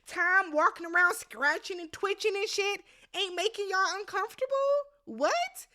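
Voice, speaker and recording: High bright woman, animated, blunt, swears a lot, recapping a show. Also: normal speed. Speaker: recap host. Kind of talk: casual TV recap commentary.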